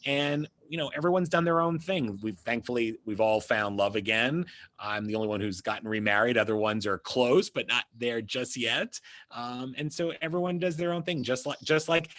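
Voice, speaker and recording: A man's voice: mid-range voice, normal speed, a bit bright. A man from the United States, a publicist being interviewed, telling a personal story in a casual, rambling way with lots of "you know" and restarts.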